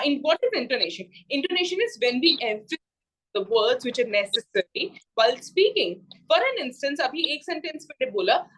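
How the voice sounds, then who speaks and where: Indian woman tutor, high-pitched, patient explainer, online class. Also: a bit bright, rough recording. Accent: Indian English. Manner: explains slowly, repeats points, mixes in Hindi phrases. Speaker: spoken English tutor. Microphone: video call.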